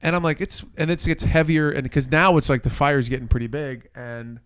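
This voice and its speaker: A man co-hosting a casual podcast, telling a neighbor story with lively play-acting of each person. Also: on the high side, a little fast, smooth, no room sound. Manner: animated storyteller, acts out neighbors with a put-on accent. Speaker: podcast co-host. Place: city apartment.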